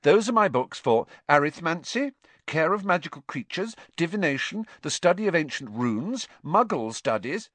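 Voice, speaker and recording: A man's voice: fairly high pitch, big pitch swings, normal speed, fairly bright tone, no room sound, voice pushed up. Casting: man voicing a know-it-all teen girl, earnest, exact diction. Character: earnest, bossy clever teenage girl.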